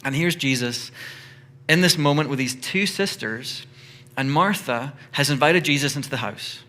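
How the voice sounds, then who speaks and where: This man, a pastor, tells the story in his sermon in an animated, conversational way, at medium pitch and normal speed.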